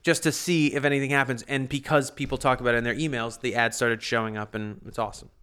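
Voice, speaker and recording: A man co-hosting a relaxed podcast conversation, walking through a topic in long explanations and laughing easily as he goes. His voice is mid-pitched for a man, smooth and resonant. He swears casually. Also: fast. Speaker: podcast co-host. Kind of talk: casual chat.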